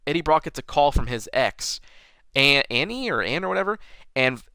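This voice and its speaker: A man in the middle of a casual movie review chat, his pitch rising and falling a lot as he talks. His voice is bright and forceful, and the recording is dry and close with almost no room sound. He swears freely as he goes. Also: normal speed, smooth, no room sound. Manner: animated, swears and laughs freely. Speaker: movie review podcast co-host.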